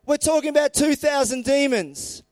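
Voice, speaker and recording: A man preaching a sermon, retelling scripture stories in lively, casual everyday words. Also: very high voice, normal speed, no room sound.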